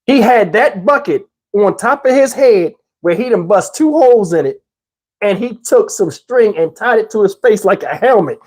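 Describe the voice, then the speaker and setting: A man on his channel telling a childhood storm story in a lively, casual way, acting out his relatives. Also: high voice, normal speed, slightly rough. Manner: animated, acts out characters. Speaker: channel host.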